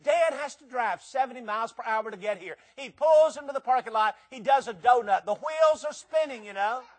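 Man, preacher, sermon, high voice, folksy storytelling, acted-out voices. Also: lively intonation, fairly quick.

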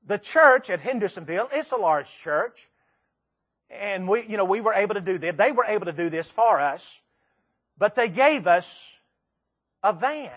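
Middle-aged man, high-pitched, emphatic sermon storyteller who leans on pauses and repetition. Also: lively intonation, a bit bright. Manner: emphatic storytelling with dramatic pauses and repeated phrases. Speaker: preacher.

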